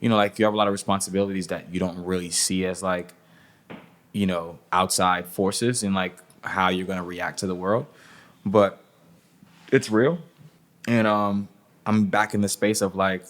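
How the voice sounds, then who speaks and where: A man's voice: low-pitched, steady tone, moderate pace, fairly bright tone. A man talking casually as an interview guest, loose and profane, with lots of "like" and "you know.". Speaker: music industry guest.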